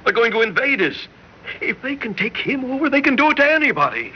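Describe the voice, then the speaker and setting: A man's voice: medium pitch, moderate pace, natural voice. A man playing a paranoid, stern father. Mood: frantic. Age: middle-aged. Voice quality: lively, urgent delivery. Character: paranoid middle-aged father, strict, fearful of son. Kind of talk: 1950s radio drama acting. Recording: dull old radio broadcast with hiss.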